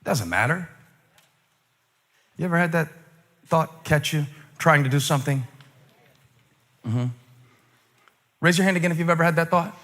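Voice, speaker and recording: A male pastor preaching a sermon, moving between loud, emphatic peaks and quiet, musing asides, with humorous remarks to the congregation. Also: on the high side, animated, moderate pace, long pauses, big-room sound.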